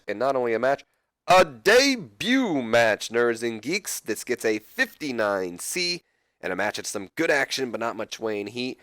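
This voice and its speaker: Lower-pitched man rambling through game commentary. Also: no echo. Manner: rambling, self-correcting, joking asides to viewers. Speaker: let's play host. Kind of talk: casual gameplay commentary.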